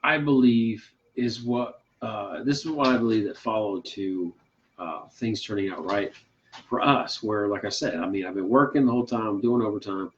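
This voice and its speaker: Low-pitched guy, folksy and emphatic, telling his story kinda rambly, muffled sound. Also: normal speed, slight background noise. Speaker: podcast co-host. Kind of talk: casual faith testimony. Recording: slightly muffled audio.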